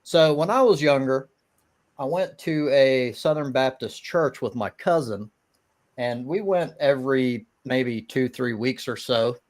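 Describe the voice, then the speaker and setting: A man in a casual online debate, speaking at an ordinary middle pitch. He stumbles and restarts often, but keeps pressing his point with steady conviction. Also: measured pace. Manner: hesitant, many restarts and fillers, laughs at the idea of souls. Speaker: atheist guest in a live-stream debate.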